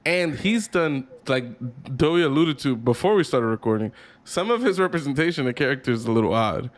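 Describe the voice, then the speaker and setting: A man's voice: mid-range voice, animated, a little fast. A man co-hosting a gaming podcast, rambling in casual chat with lots of swearing and restarts. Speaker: podcast co-host.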